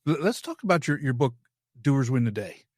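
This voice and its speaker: Halting, stammering male podcast host. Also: medium pitch, big pitch swings, a little mellow, no room sound, studio quality. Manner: halting, many restarts and repeated words. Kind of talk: casual interview chat.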